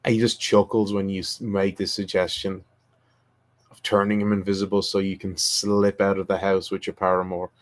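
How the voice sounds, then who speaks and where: A man's voice: sits low, normal speed. Man narrating as game master. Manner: relaxed, thinks aloud with restarts.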